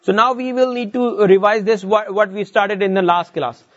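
High-voiced man teaching Arabic. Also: steady tone, moderate pace, a bit bright, highs cut off. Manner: explains step by step, repeats words, reads Arabic verses aloud. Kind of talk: classroom lesson.

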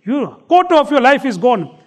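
A blunt village boatman with a dry, teasing way of talking, as a preacher puts him on. He drops Hindi words into his English and answers in short, flat remarks. The voice sits very high for a man. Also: normal speed. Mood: dismissive. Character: plain-spoken village boatman, middle-aged man, wry.

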